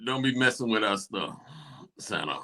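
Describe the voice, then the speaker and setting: A man voicing a gruff twelve-year-old boy with a Baltimore accent who acts tough and laid-back in a comedy skit, a little off the mic. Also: animated, normal speed, sharp tone. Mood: swaggering. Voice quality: rough, low.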